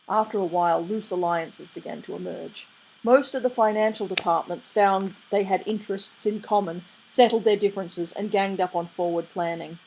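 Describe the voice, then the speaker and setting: A woman reading a novel aloud in a steady storytelling way. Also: medium pitch, moderate pace, slight background noise, poor audio. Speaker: reader. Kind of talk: audiobook reading.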